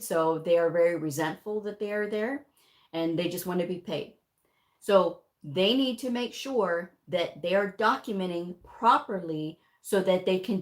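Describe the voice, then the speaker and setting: Frank, chatty woman giving a coding lesson. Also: on the low side. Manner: frank, chatty, addresses viewers directly. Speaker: medical coding educator. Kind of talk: casual livestream teaching talk.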